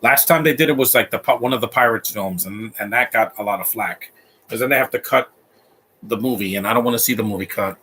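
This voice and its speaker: A man's voice: fairly low pitch, quick pace, pushed and bright, slight background noise. A man giving a casual, opinionated live commentary over a movie, rambling with frequent restarts. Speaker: host.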